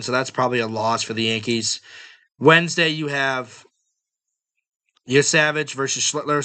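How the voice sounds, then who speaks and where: Bright-voiced male sports podcast host. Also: medium pitch. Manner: blunt, offhand fan talk. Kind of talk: casual sports podcast talk.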